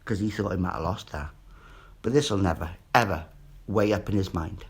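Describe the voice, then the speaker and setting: A man's voice: low voice, normal speed, husky. A man, ranting in a rambling, sweary monologue and repeating himself. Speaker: vlogger.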